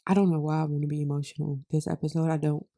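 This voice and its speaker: A young woman, a podcast host and beauty creator, reads her old journal entries aloud, holding back tears. She sounds nasal and slides into slow, prayer-like affirmations. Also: sits low, little pitch movement, mellow. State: teary, on the verge of crying.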